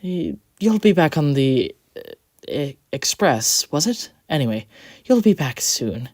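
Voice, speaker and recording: A storyteller voicing a kind, polite male steam engine who speaks calmly and gently, with a little rambling. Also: mid-range voice, a little slow, dry recording, studio quality, pitched above the performer's own voice. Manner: soft-spoken, warm, slightly rambling.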